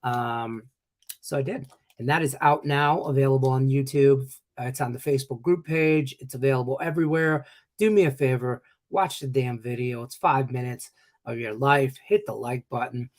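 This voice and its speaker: A man's voice: medium pitch, fairly even intonation, moderate pace. A man in his forties hosting a sports betting show in an upbeat, joking way with rambling asides, hiccuping now and then. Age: 40s. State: has the hiccups. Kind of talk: casual live show hosting.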